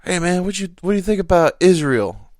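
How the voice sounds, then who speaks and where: A man's voice: high-pitched, expressive, brisk, darkish tone, no room sound, clean studio sound, pitched above the performer's own voice. A man doing a voice of an older male coworker who mumbles and calls everyone boss. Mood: friendly.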